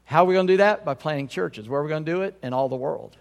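Slightly high-voiced preaching pastor, reverberant hall. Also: male voice, very fast, vocal fry. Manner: conversational, checks in with the congregation. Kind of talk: sermon.

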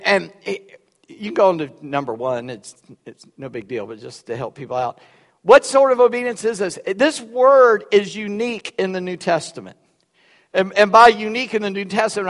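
A preacher with a notably high voice speaks in a folksy, halting way, doubling back on his words as he tells his story. His voice rings out with a long reverb from the church sanctuary around him. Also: a bit bright. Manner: folksy, repeats words, drawls. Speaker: pastor. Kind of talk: sermon with personal story.

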